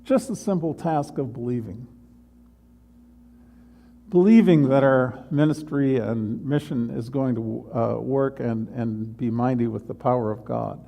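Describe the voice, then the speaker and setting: A male pastor delivering an earnest, unhurried sermon in a church. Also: medium pitch, vocal fry, mellow, a little hiss or hum. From United States. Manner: slow, earnest preaching with pauses. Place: church sanctuary.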